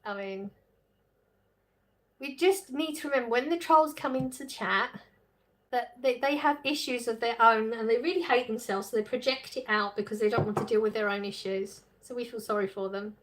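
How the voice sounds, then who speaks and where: Chatty woman streamer, higher voice. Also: normal speed. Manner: chatty, reads chat aloud, laughs often. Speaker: livestream host reading chat. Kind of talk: casual live chat.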